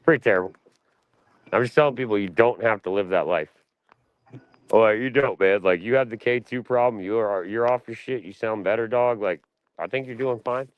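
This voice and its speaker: A panel guest from the United States, this man speaks at normal speed in a fairly low voice, captured with dull audio. On the livestream he rambles casually, curses heavily and addresses people as "dude" and "dog."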